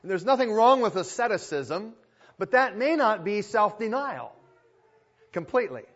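A man's voice: high voice, sing-song, normal speed, a bit bright, muffled recording. A male pastor preaching a sermon in an emphatic style, repeating phrases for weight.

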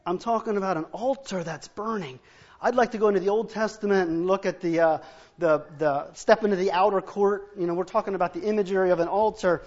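A man's voice: high voice, fairly quick, darkish tone. A male preacher delivers a sermon with humor. He acts out Bible scenes and household arguments in different voices. The recording sounds dull and muffled. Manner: humorous asides to the congregation.

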